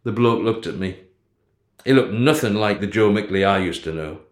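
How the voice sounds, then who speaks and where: A man narrating a story in the first person in a steady, low-key way. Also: moderate pace, roomy sound. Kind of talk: storybook reading.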